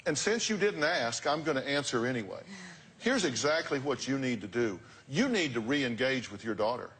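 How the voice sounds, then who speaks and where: A man's voice: medium pitch, fairly bright tone, husky. A man hosting a talk show, giving blunt, direct advice to guests in a lecturing way.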